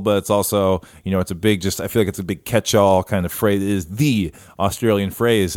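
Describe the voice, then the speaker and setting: Guy cohosting a podcast over a call, lowish voice, dry sound, lots of uhs and restarts. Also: a little mellow, no echo. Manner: rambling, many fillers and restarts. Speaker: podcast co-host. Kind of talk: casual podcast chat. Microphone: remote call over internet.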